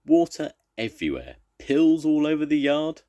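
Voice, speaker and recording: A kindly railway worker, voiced by a grandfather reading a storybook aloud. He talks in a reassuring, homely way. His voice is lifted a little above the reader's own deep tone, with lively swings in pitch. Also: moderate pace, no room sound, clean studio sound. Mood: rueful.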